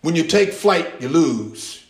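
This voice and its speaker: Pastor, male, sermon delivery, repeats key phrases with rising emphasis, slightly high voice, echoey church room. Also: big pitch swings, takes it slowly.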